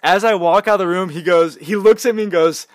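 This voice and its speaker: A young man chatting casually on a podcast, telling a story in an animated way, laughing and swearing freely. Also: high-pitched, brisk, no room sound, clean studio sound.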